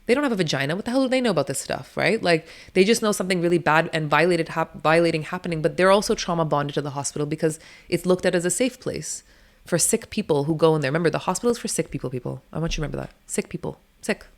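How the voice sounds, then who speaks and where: A woman, a doula and interview guest, telling her stories in a blunt, emphatic way and swearing freely. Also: deep voice. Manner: rapid, run-on storytelling. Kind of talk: candid storytelling interview.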